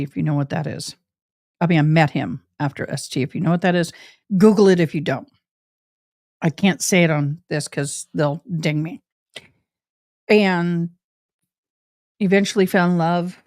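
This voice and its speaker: A middle-aged woman talks casually and personally to her livestream audience. Her voice sits fairly low. The sound is dry and close, with no room echo. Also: a little mellow. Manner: chatty, personal, addresses viewers directly. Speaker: livestream host.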